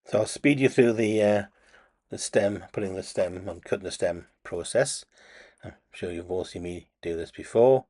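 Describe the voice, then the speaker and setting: A man with a somewhat low, husky voice talks over his own hobby footage. He is casual and self-deprecating, with a fair number of fillers. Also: normal speed, darkish tone. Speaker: watch-building hobbyist.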